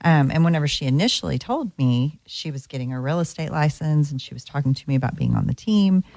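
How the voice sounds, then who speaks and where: A woman real estate agent speaking on a radio show, soft-spoken with frequent ums. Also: sits low, expressive, fast talker, creaky, no room sound. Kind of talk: casual radio chat. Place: radio studio.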